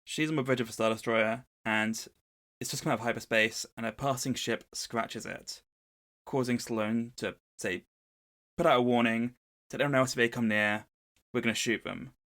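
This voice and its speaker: A man with a gravelly, creaky voice at a middle pitch, co-hosting a relaxed podcast. He walks his listener through a story's plot in a loose, conversational way. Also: moderate pace. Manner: storytelling summary of a book plot. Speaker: podcast co-host. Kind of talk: casual podcast recap.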